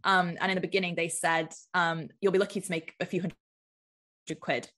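A woman's voice: on the low side, flat delivery, a little fast, fairly bright tone. A woman from the United Kingdom, a business mentor chatting casually as a podcast guest, filling her talk with "like". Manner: chatty, lots of filler "like".

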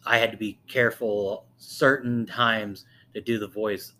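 A young podcast co-host rambles through casual chat, swearing freely and packing his talk with fillers. His voice is lowish and steady, bright and forceful, at a measured pace, with a little hiss or hum in the background.

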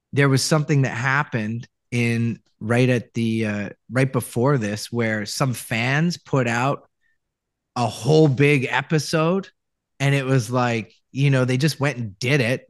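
Man from Canada, interview guest, rambling storyteller, mid-pitched voice, dry close sound. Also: dry recording. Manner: rambling, many restarts, acts out quoted lines. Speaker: voice actor guest.

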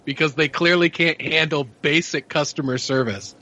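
A man's voice: fairly high pitch, steady tone, normal speed, pushed and bright. A man co-hosting a podcast, blunt and swearing as he gives advice in casual chat.

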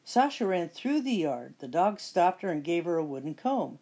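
A middle-aged woman reading a children's picture book aloud with expressive storytelling. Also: fairly low pitch, moderate pace, husky. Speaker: storybook reader.

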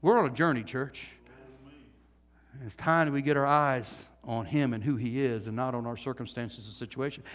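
A man preaching a sermon to his congregation, swinging between loud, animated passages and hushed asides, and adding jokey remarks along the way. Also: mid-range voice, moderate pace. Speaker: pastor. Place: church sanctuary. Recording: long hall reverb.

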